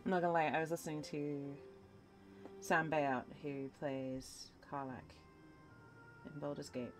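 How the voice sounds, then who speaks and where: A young woman with a deep voice chats casually with her live viewers while she paints, and she sounds tired and worn out. She reads their messages aloud and cheers them on. Soft music plays quietly in the background. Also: little pitch movement, measured pace. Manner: reads out chat and answers with encouragement. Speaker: livestreamer.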